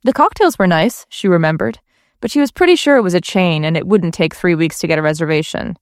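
A woman's voice: on the low side, expressive, fairly quick, dry recording, clean studio sound. A woman reading a comic parody story aloud with playful, wry asides. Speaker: narrator.

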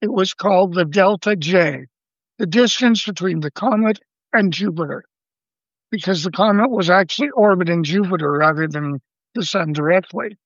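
An older man, a guest astronomer, telling a story in an interview in a measured, vivid way and quoting the people involved. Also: high voice, dry recording. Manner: measured, vivid storyteller who quotes others. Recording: dull lo-fi dry sound.

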